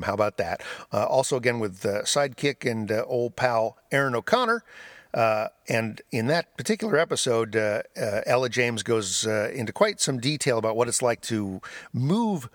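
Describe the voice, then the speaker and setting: Lively-pitched man introducing clips. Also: no room sound, clean studio sound. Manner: conversational with fillers. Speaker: podcast host. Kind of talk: podcast narration introducing clips.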